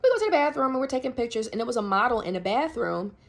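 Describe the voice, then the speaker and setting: A young woman telling a personal story on her podcast, animated and slangy, full of fillers. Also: fairly high pitch, racing, creaky. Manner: animated, slangy, many fillers, laughs often. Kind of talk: casual storytelling.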